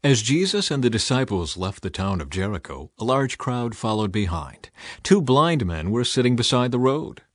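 A man giving an expressive, dramatized reading of scripture. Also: mid-range voice, normal speed, no room sound. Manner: expressive reading with a lively rise and fall. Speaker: scripture reader.

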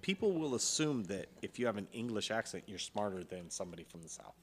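Californian man, podcast host, low voice, unhurried and wry. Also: big pitch swings, slight background noise. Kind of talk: casual chat.

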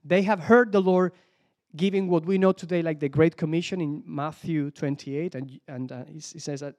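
A man's voice: on the high side, steady tone, normal speed, darkish tone. A man from Spain with a Spanish accent, preaching a sermon in English as a second language, often repeating words and searching aloud for the right English word.

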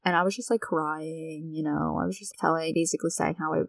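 Woman, early twenties, solo podcast host; casual, frank delivery with plenty of cursing, slightly low voice, dry recording. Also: fairly even intonation, a little fast, gravelly, no room sound. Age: 20s. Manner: candid, blunt, swears freely.

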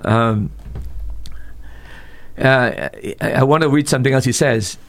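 A man who is a pastor talking on a radio discussion, emphatic and rising sharply in pitch when he quotes other preachers. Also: unhurried. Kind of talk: radio talk show discussion.

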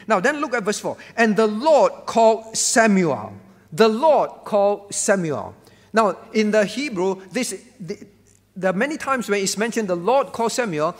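A man's voice: high-pitched, big-room sound. A man preaching a sermon as pastor, emphatic and repetitive, asking the congregation questions. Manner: emphatic, repeats key phrases, asks the congregation questions.

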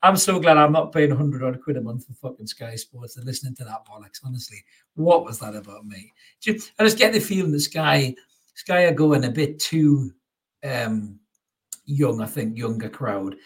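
A man's voice: mid-range voice, expressive, moderate pace. A man over 38, hosting a casual football chat with blunt, sweary banter. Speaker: podcast host.

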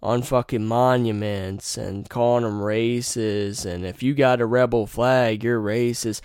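A man's voice: medium pitch, fairly even intonation, unhurried, a little mellow, smooth, no room sound, studio quality. A young man hosting a podcast, telling rambling, profane stories and giving blunt opinions in a casual monologue. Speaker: podcast host.

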